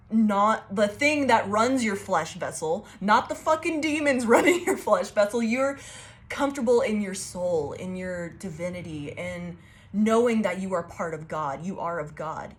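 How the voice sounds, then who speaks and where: A woman of middle pitch giving a loose, casual tarot reading. She talks in an excitable, foul-mouthed way, and her sentences ramble and restart as she goes. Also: a little slow. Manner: excitable and profane, laughing often. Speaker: tarot reader.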